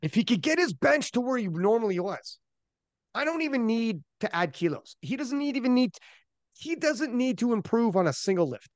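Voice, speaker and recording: High-voiced man, animated and loose. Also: normal speed, no room sound. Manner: animated storyteller, loose and profane. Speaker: podcast host. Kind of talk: casual chat.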